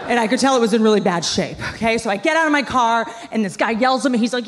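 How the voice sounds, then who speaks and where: A woman's voice: fairly high pitch, lively intonation, fast talker, hardly any pauses, a crowd in the background. Sarcastic woman doing stand-up in a hall. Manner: sarcastic, wry storytelling. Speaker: stand-up comedian. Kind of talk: stand-up comedy set. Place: large theater before a live audience. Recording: live stage with hall reverb, audience.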